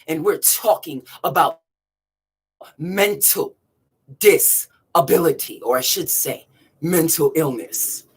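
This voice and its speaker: A woman hosting a live stream, talking in a dramatic, chanting way, repeating phrases and swinging between shouts and hushed words. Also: deep voice, animated, slow, pauses often, husky. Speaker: livestream host. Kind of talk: live-streamed spiritual monologue.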